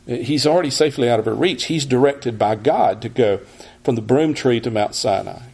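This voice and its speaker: A man teaches through a sermon in a husky, breathy voice. His pitch sits in the middle range, and his delivery is measured, often circling back to restart a phrase. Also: a little mellow. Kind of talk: expository sermon.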